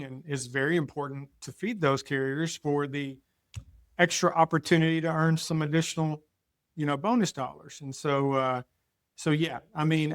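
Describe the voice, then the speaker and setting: A man on a panel who talks in a relaxed, agreeable way. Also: a little high, no room sound, studio quality. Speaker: co-host. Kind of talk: casual panel talk.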